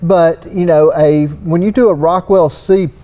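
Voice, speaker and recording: Man, Southern US accent, high-pitched, mellow tone, folksy rambling panel talk. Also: fairly even intonation, a little slow, lo-fi sound. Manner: folksy, rambling, lots of "you know". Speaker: panel guest, surface-finishing expert. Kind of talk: casual technical panel talk. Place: trade expo stage.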